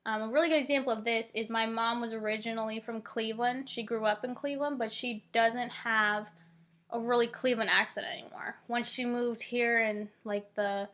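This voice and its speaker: A woman in her twenties, a college student from Northeast Ohio, talks through a theory in a casual, chatty way. Plenty of "like" and "um" fillers come up. She has a little high, fairly bright voice, a steady tone and a moderate pace.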